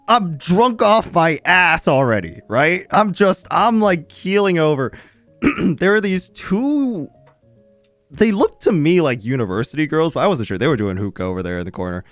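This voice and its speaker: Swearing freely and laughing a lot, a young streamer tells his chat an animated, casual story. His voice sits a little high, and the recording is dry.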